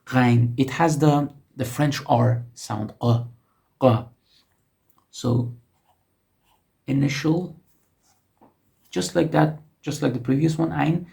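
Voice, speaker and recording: Slow gravelly man teaching letters. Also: a little high, steady tone, dark tone. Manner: slow, patient explaining with frequent self-corrections. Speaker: language teacher. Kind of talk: casual teaching while writing on a board.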